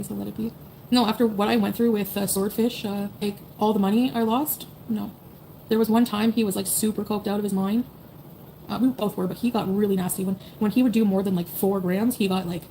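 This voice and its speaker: A woman's voice: mid-range voice, vocal fry, warm tone, slight background noise. A woman in her thirties chatting casually to her viewers on a livestream, blunt and profane, rambling with lots of fillers. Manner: blunt, profane, rambling with many "like"s and "you know"s. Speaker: streamer talking to chat.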